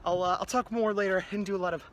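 A man's voice: sits high, fairly even intonation, rapid-fire. A man chatting casually and offhandedly while vlogging on the scene at an outdoor convention. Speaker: artist and convention vendor. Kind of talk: on-the-scene vlog.

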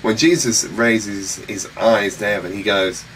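Animated male preacher, slightly distant. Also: lowish voice, measured pace. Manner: animated, exclaiming, urging listeners to watch. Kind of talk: sermon. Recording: faint air-conditioning hum, mic set back.

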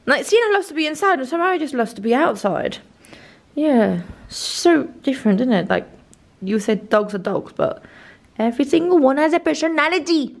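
A woman with a slightly high voice talks casually to a camera set up in her bedroom. She is chatty and rambling, drifting off topic and now and then addressing her dogs. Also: very animated, normal speed, gravelly. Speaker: vlogger. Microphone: camera set up in the room.

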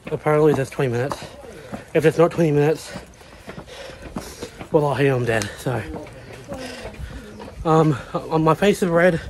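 A man's voice: a little high, unhurried, long pauses, darkish tone, a little hiss or hum. Breathless young man vlogging on a climb. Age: 20s. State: out of breath and sweating. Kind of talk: casual vlog chat to camera. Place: outdoors, climbing long shrine stairways.

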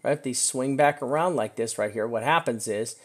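A man's voice: mid-range voice, fairly quick, a bit bright. Chatty man walking through charts. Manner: chatty, emphatic, keeps asking "right?"; frustrated outbursts. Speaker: crypto chart analyst. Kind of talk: screen-share market commentary.

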